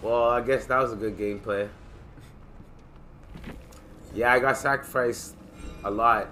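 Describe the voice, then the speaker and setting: Bright-voiced young man gaming. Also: mid-range voice, unhurried, soft background music. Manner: excitable, profane, joking. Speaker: gaming channel host. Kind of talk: casual gameplay commentary.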